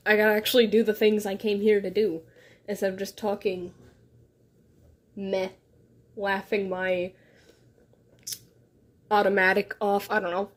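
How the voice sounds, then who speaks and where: A woman talks to her livestream viewers from her bedroom through a phone set on a tripod. She rambles, giggles often and pokes fun at herself. Her voice sits at an ordinary middle height. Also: medium pitch. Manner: rambling, giggly, self-deprecating. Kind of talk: casual livestream chat. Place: her bedroom, on a beanbag chair.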